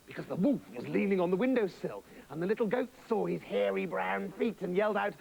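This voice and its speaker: A man's voice: high voice, animated, fairly quick, creaky, few pauses, darkish tone, slightly rough, low-quality recording. A man telling a comic children's story, gleeful and anarchic. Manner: gleeful and anarchic, jumping between voices. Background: music.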